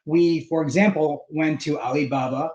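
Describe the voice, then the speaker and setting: A man's voice: fairly high pitch, fairly even intonation, normal speed, darkish tone, echoey room, lo-fi sound. A man, a DJ business co-owner, talking enthusiastically and chattily as a guest, with a lot of fillers. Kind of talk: casual interview talk.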